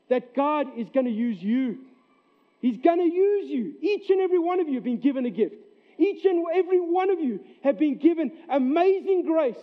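Male pastor, high voice, emphatic sermon delivery, tinny lo-fi recording. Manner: earnest, emphatic preaching with repeated phrases. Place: church sanctuary. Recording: tinny narrow-band recording.

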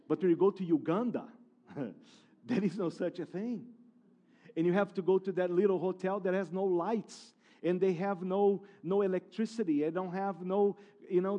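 High-voiced emphatic male preacher. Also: highs cut off. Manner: emphatic preaching with repeated phrases and restarts. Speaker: pastor. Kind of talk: sermon.

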